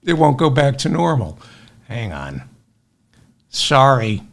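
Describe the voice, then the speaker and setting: Into a webcam with automatic tracking, a man hosts a comic news podcast, sounding sardonic and exasperated as he mixes rants with asides. His mid-range voice swings widely in pitch, moves slowly, and carries vocal fry.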